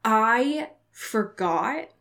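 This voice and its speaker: A woman's voice: a little high, expressive, drawn-out words, bright, forceful tone, faint music behind. A woman co-hosting a casual book podcast, chatty and full of fillers, often breaking into laughter. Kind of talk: casual chat recapping a book.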